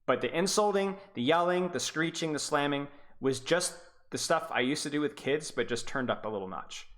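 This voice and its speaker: A man chats casually on a live stream as an esports coach. His voice is bright and forward, and he rambles, stutters and restarts his sentences as he goes. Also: fairly high pitch, lively intonation, normal speed.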